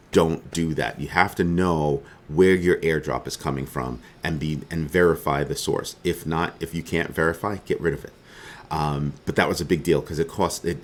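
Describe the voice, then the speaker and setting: A man hosting a crypto news show, talking through the day's stories in a chatty, casual way and often rephrasing himself mid-sentence. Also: very deep voice. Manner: chatty, rephrases and restarts as he goes. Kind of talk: fast casual news commentary.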